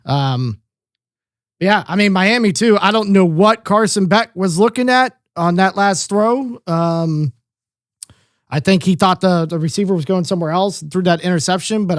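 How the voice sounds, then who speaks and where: Podcast co-host, man, high-pitched, dry close sound, rambling and profane sports talk. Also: moderate pace, no room sound. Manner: profane, rambling, lots of fillers. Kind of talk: casual sports chat.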